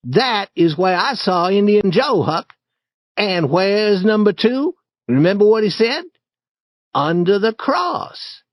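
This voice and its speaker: A bold, eager young boy leading an adventure, as a man puts him on for an audiobook. His voice rides high and swings widely with excitement. The reading is slow and close, in a dry, deadened space. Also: no echo, full character voice. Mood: insistent. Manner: excited, urgent, insistent.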